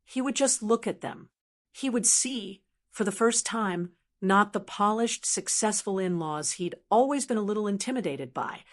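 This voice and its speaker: An older woman reading a first-person story in a measured, reflective way. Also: medium pitch. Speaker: narrator.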